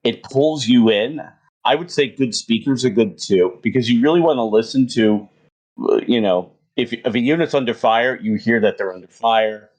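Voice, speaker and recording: A man's voice: medium pitch, normal speed, darkish tone, poor audio. A man hosting a casual gaming podcast interview, conversational and enthusiastic. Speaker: podcast host.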